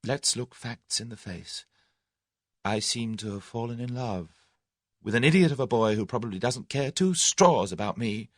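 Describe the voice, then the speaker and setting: Man doing a young woman, proud and quick-tempered, sharp retorts, raised pitch, lively swings. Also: no echo, clean studio sound, close to an everyday voice. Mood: self-reproaching.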